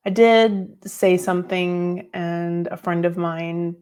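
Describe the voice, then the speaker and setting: Woman, middle-aged, podcast host, personal storytelling, reflective, low voice, flat delivery. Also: slow, clear, resonant tone. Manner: reflective, tearful at times, with fillers.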